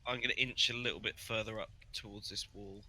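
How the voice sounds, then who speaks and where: A man playing a tabletop game over a voice call, careful and deliberate. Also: lowish voice, steady tone, bright, forceful tone. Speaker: player.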